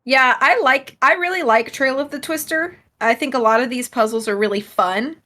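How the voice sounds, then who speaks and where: A woman's voice: sits high, normal speed, sharp tone. A young woman chatting casually while live-streaming a game, easygoing and laughing between thoughts. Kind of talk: casual let's-play chat.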